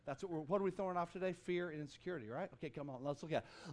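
A man pastor preaching a lively sermon with humor and a rhythmic, emphatic delivery on a stage mic in a church. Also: fairly high pitch, rapid-fire. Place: church auditorium.

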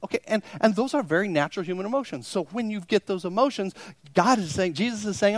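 A man's voice: sits high, big pitch swings, fast talker, dry recording. A pastor preaching a sermon to his congregation, emphatic and repeating phrases for stress, often acting out his listeners' reactions. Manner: plays out imagined listeners' reactions. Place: church service before a congregation.

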